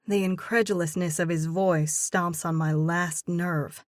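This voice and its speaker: Woman reading a romance audiobook, slow and expressive, dry studio sound. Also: low-pitched, dry recording. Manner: expressive, reads in character as heroine. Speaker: audiobook narrator. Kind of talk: first-person romance audiobook narration.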